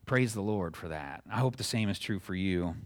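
A man's voice: low-pitched, expressive, moderate pace. A middle-aged male pastor giving a conversational sermon, acting out little dialogues and chuckling at his own asides.

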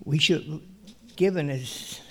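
A male preacher reading scripture aloud in a sermon, deliberate and careful, often clearing his throat and correcting himself. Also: on the high side.

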